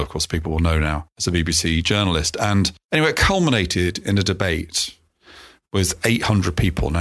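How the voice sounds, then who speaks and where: Calm, low-voiced man musing aloud. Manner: calm, self-effacing, with frequent restarts. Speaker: interview guest. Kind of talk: reflective conversational storytelling.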